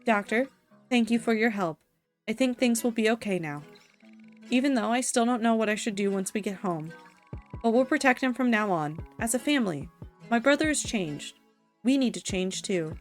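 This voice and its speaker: A woman reading a soft, somber older sister. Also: a little high, expressive, moderate pace, faint music behind, lightly acted. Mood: earnest. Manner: soft, subdued and earnest. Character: solemn young woman, grave older sister.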